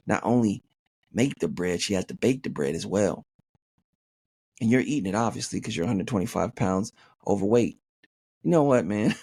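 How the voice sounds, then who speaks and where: A man's voice: on the low side, gravelly, dark tone, husky, dry recording, studio quality. A man hosting a podcast, reading a listener's email aloud and riffing on it in a joking, profane way, saying "man" constantly. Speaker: podcast host.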